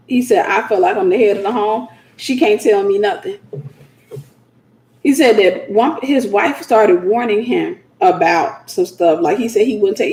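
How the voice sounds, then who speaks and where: A woman's voice: medium pitch, reverberant. A woman hosting a Christian teaching talk, speaking informally and acting out the voices of the people she quotes. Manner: animated, acts out quoted voices.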